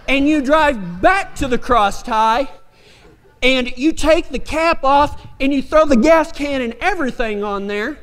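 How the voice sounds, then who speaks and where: A man preaches in a high, light voice, spinning a folksy yarn with a country drawl. His words ring out with a long reverb, like a big church hall. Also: a bit bright. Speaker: pastor. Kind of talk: sermon with humorous storytelling.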